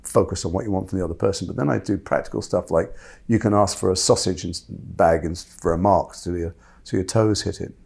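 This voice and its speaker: Husky gravelly guy, talks quick and lowish, keeps cutting himself off mid-story. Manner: fast, animated, self-interrupting. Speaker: actor guest. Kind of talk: candid conversational storytelling.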